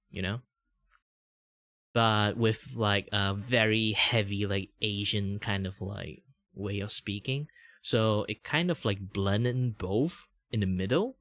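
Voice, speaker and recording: A man's voice: lowish voice, fairly bright tone, no echo. Malaysian man, chatty streamer, dry sound. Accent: Malaysian English. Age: 30s. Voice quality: deliberately raised speaking tone. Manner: rambling, meandering explanations. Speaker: VTuber streamer. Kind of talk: casual livestream chat.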